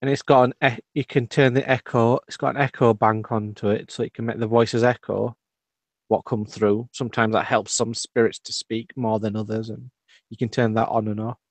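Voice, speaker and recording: A man chatting as a guest on a video call, soft-spoken and explaining things patiently, with many fillers. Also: medium pitch, little pitch movement, moderate pace, dry recording. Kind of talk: casual video-call chat.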